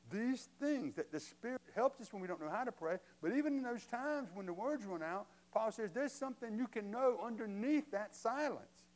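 A man's voice: high voice, a little mellow, poor audio. A man preaching a sermon as pastor, conversational and emphatic, asking the congregation rhetorical questions.

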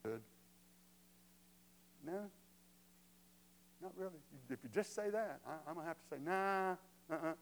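A man's voice: a little high, lively intonation, a little slow, long pauses, darkish tone, a little hiss or hum, poor audio. A man preaching a sermon as pastor, conversational and emphatic, asking the congregation rhetorical questions.

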